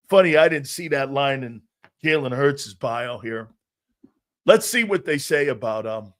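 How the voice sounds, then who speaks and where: A man hosting a live sports talk show, brash and animated, talking back to his chat and laughing at himself. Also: mid-range voice.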